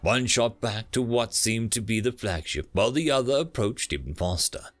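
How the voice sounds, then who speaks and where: A man narrating a sci-fi short story as an audiobook, telling it dramatically with small pauses. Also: fairly low pitch, animated, faint music behind. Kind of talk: scripted narration.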